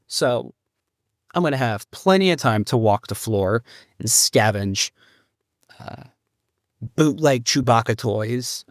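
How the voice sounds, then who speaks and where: A man's voice: mid-range voice, dry recording. Sad guy rambling through a podcast update, stops and starts a lot, dry close sound. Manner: halting, rambling, grieving. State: grieving. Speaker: podcast host.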